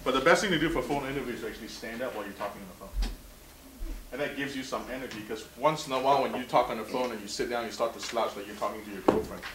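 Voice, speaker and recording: A man's voice: mid-range voice, very fast, background noise. Distant man stammering in a roomy room. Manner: stammers and repeats words. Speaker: mock interviewer at a seminar. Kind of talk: casual seminar talk and mock interview questions. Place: seminar room.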